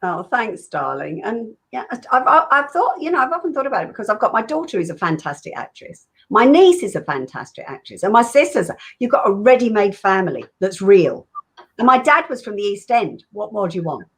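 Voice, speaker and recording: An older woman from England talks with a husky, breathy voice at a middling pitch. She rambles warmly through her stories, full of fillers and small laughs, as a guest in a relaxed chat. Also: fairly quick. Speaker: guest actress. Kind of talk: casual interview chat.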